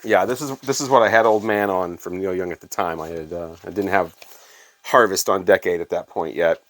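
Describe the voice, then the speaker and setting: A man's voice: deep voice, brisk, a bit bright. A middle-aged man from Illinois, a former radio worker, telling casual rambling stories full of fillers. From Illinois, USA. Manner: rambling and conversational, with frequent fillers. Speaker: former radio staffer, record collector. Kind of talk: casual storytelling vlog.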